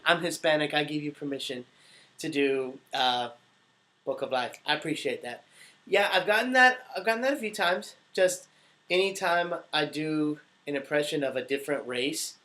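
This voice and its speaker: A man's voice: fairly high pitch, a bit bright. A young man, a voice actor, chatting casually on a live stream, reading out viewer questions and laughing often. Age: young adult. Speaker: voice actor answering live chat.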